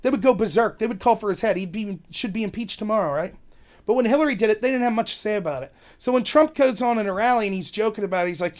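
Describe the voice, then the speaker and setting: A man hosting a podcast, delivering an animated, rambling opinion monologue and acting out quotes in other voices. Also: high-pitched, fast. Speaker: podcast host.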